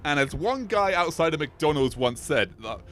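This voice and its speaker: A man's voice: moderate pace, soft background music. A man hosting an anime explainer video, ad-libbing off his script, going on tangents and laughing as he talks. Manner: tangent-prone, laughs often, animated swings in pitch. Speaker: anime video essay host. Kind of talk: rambling, ad-libbed commentary.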